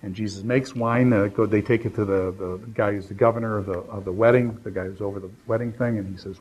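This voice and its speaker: A man's voice: lowish voice, fairly even intonation, fast, hardly any pauses, a little mellow, husky, poor audio. A man teaching a Bible lecture in a loose, conversational way, with fillers and restarts as he works through passages. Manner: conversational, many fillers and restarts, quotes scripture. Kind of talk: unscripted classroom lecture.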